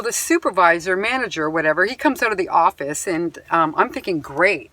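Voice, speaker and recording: A woman's voice: lowish voice, pushed and bright, no echo. Indignant woman venting, dry close sound. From Canada. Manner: indignant, emphatic retelling with sighs; reads items off a bill. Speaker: vlogger. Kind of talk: upset personal account to camera.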